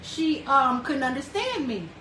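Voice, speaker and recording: A woman's voice: high-pitched, very animated, a little slow, reverberant, distant mic, noisy background. A woman with a Southern US accent hosting a cooking livestream, chatting and greeting viewers by name. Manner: chatty storyteller, warm greetings, drawling. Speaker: livestream host. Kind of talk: casual chat, reading viewer comments aloud.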